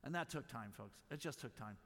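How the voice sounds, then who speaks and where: A man's voice: medium pitch, animated, brisk, vocal fry, fairly bright tone. A middle-aged man and missionary giving an emphatic conference teaching talk, stacking lists of repeated words and apologizing for hurrying. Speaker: missionary speaker. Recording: long reverb of a large hall.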